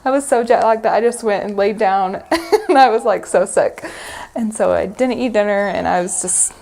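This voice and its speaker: A woman's voice: mid-range voice, moderate pace, creaky, darkish tone. Chatty woman recounting a long trip. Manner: chatty, laughing between phrases. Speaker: interviewee recalling mission travel. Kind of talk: recorded interview storytelling.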